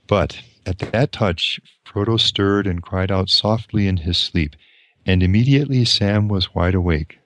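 A man with a deep, low voice reads from a novel and reflects on it in a measured way. The recording is dry and close, and he sometimes restarts a sentence. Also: a bit bright, no room sound. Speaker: lecturer. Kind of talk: reading and commenting on a novel.

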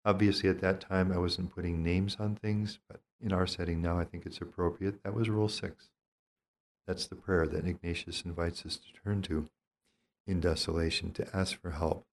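Deep-voiced priest teaching calmly. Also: male voice, moderate pace. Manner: calm, reflective, reading from his journal. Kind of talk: spiritual teaching talk.

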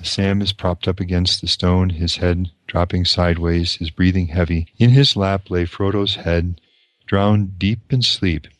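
A man lecturing, reading from a novel and commenting on it in a measured, reflective way, sometimes restarting a sentence. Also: sits low, steady tone, no room sound.

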